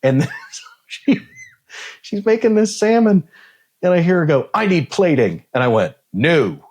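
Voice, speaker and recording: A man's voice: high-pitched, moderate pace. A man in his forties talking as a podcast guest, blunt and swearing freely, acting out dialogue as he tells stories. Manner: animated storyteller, acts out dialogue. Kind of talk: casual conversation.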